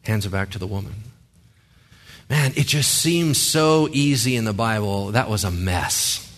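Pastor guy preaching, bright voice, chatty, lots of "right?" questions. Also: on the low side, a little slow. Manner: conversational, joking asides, rhetorical questions. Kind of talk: sermon.

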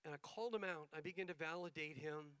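Bright high-voiced male pastor. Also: fast talker, clear, resonant tone, no room sound, poor audio. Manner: animated storyteller acting out quoted dialogue. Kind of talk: sermon storytelling.

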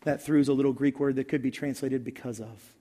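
A man's voice: mid-range voice, fairly even intonation, fast talker, warm tone, in a large hall. A man preaching a sermon in a conversational style, telling a personal story and then building to emphatic points. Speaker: pastor.

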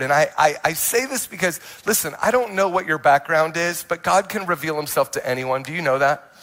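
A young adult male pastor telling his testimony in a sermon, animated and full of restarts and quoted asides. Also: a little high.

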